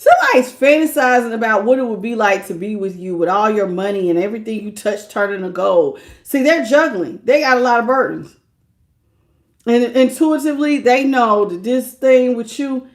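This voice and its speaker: A woman doing a casual live-stream tarot reading, chatty, greeting viewers by name and laughing often. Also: high-pitched. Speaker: tarot reader.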